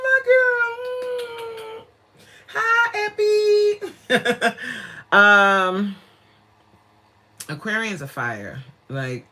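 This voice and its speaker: Recorded through a tablet mic, this fitness coach laughs a lot as she reads out viewer comments during a casual livestream chat. Her voice sits low with a fairly bright tone.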